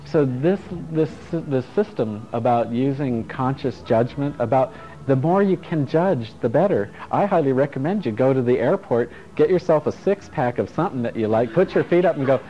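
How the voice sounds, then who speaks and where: A man's voice: mid-range voice, lively intonation, normal speed, few pauses. Frank, chuckling man teaching a workshop. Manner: frank and playful, swears and chuckles often. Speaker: self-help workshop teacher. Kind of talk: casual workshop talk to a group. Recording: dull lo-fi recording with faint music.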